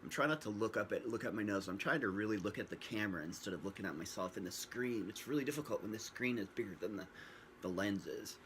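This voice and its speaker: A man with a lowish voice talks fast as he casually tells his own story to a camera at home, rambling, joking, and acting out what people said. It's picked up by the built-in camera mic amid a noisy background.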